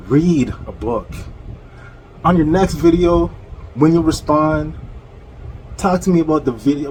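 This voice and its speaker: A man's voice: medium pitch, a little mellow, rough recording. Mocking man ranting with faint hiss. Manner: mocking, laughs often, slow deliberate delivery. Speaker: channel host. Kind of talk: confrontational rant.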